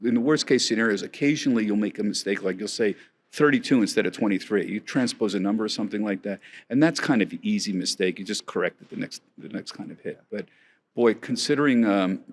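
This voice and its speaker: A man's voice: fairly low pitch, fast talker. A man in his sixties telling stories as an interview guest, chatty, often laughing, with many restarts. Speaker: guest, markets correspondent. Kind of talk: storytelling interview chat.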